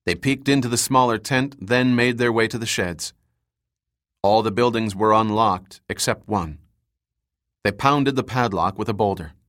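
A man reading an adventure story aloud in measured scripted narration. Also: on the low side, a bit bright. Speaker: audiobook narrator.

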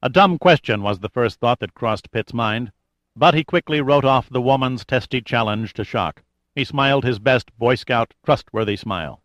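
A man's voice: medium pitch, moderate pace, fairly bright tone, dry recording, lo-fi sound. Male audiobook narrator, dry sound. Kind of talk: scripted narration.

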